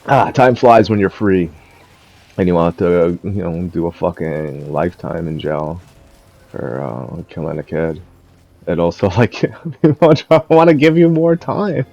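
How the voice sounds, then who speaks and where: A man's voice: sits low, measured pace, creaky, darkish tone, lo-fi sound. A young man ranting in a casual, profane and mocking way, rambling between thoughts. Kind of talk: casual rant.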